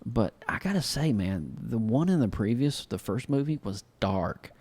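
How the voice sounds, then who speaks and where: A man's voice: mid-range voice, normal speed, husky. A man co-hosting a podcast, chatting casually about a film, loose and full of fillers. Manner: relaxed, filler-heavy, says "man" often. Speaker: podcast co-host. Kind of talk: casual review chat.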